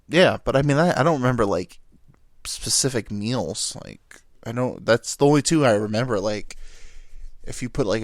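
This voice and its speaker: A young man riffs through a loose comedic monologue, stumbling over his words and cursing casually. His pitch swings widely from phrase to phrase. The recording is dry and close. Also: no echo. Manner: rambling, stammering, casual swearing. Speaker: podcast host.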